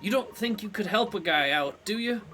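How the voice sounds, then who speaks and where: A man's voice: high voice, animated, normal speed, bright, forceful tone. A man voicing a scrawny, lovesick young man from a game, reading his lines in a grand, theatrical way. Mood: pleading. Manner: grandly theatrical reading, swooping up on the big words.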